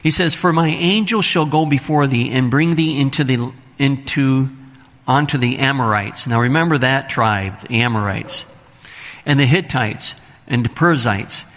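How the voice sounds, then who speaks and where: A man's voice: medium pitch, normal speed, a bit bright. A man preaching a sermon to his congregation, reading scripture aloud and asking the listeners questions. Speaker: pastor. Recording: long hall reverb.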